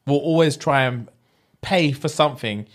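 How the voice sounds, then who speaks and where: A man's voice: medium pitch, moderate pace. A young man, telling stories in a casual chat, slangy and swearing freely. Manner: animated storytelling, swears, slangy.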